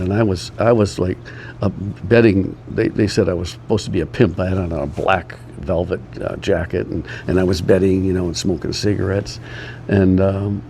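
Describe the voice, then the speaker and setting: A man's voice: low-pitched, vocal fry, dark tone, a little hiss or hum. An older man telling rambling personal stories in a casual, meandering way, chuckling often. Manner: meandering, chuckling, many pauses. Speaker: storyteller. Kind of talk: casual storytelling.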